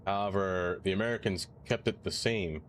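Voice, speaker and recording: A man streaming live, chatting casually and playfully as he plays and reacts out loud. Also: deep voice, moderate pace, a little hiss or hum. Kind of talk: casual live-stream chat while playing.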